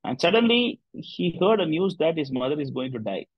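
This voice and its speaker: A man talks through a devotional story as teacher of a discussion group. He wanders from point to point and leans on "you know" and "like" as he goes. His slightly high, husky voice comes through a dull, lo-fi recording with a dry sound. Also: sing-song, a little fast, dry recording. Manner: loose, rambling, full of "you know" fillers.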